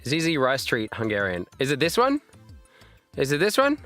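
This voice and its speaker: A man's voice: medium pitch, normal speed, soft background music. A man in his thirties chatting casually on a live stream, laughing and exclaiming at chat while fighting hiccups. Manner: animated, laughing, reacting to chat with loud exclamations.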